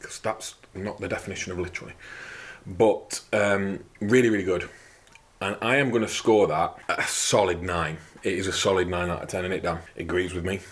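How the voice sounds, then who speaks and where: A man's voice: sits low, steady tone, normal speed. A young man hosting a fitness channel, cracking crude jokes and swearing through a casual product review. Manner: crude, joking, heavy swearing.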